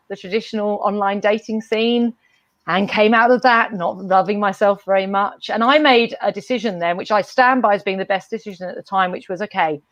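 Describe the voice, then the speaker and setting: A woman's voice: mid-range voice, no room sound. A woman guest speaking casually and reflectively, with frequent "you know" fillers and restarts, on a video call. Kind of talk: casual conversation.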